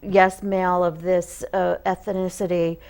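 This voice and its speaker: A woman's voice: on the low side, flat delivery, unhurried, vocal fry, darkish tone. A woman guest on an interview show, speaking for a support organization in an earnest, emphatic way. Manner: earnest and emphatic, stresses key points. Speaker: guest, association representative. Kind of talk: casual interview.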